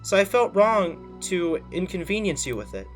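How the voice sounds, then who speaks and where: A man's voice: high voice, very animated, normal speed, soft background music. A man reading the lines of a shy, awkward teenage girl aloud from a visual novel, in a plain voice with restarts. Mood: hesitant.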